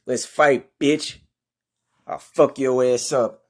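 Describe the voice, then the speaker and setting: Man doing a slow, crude comic story, swearing deadpan. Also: medium pitch, breathy edge. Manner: profane, deadpan. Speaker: comedian narrating a skit.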